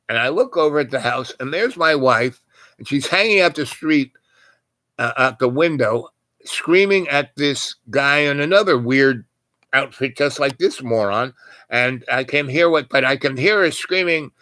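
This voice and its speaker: A man's voice: medium pitch, animated, moderate pace, bright, forceful tone, no echo. An older man telling a long personal story in a loose, rambling way, full of fillers and asides. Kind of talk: casual spoken storytelling.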